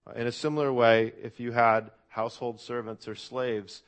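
A man's voice: mid-range voice, steady tone, moderate pace. A man preaching a sermon to a church congregation in an earnest, reflective way. He often asks the listeners questions and uses "uh" fillers. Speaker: pastor.

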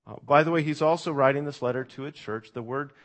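A man's voice: medium pitch, quick pace. A man with an American accent preaching a sermon in a church, talking in a conversational way and speaking to the children now and then. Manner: conversational, lively, speaks to the kids. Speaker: pastor.

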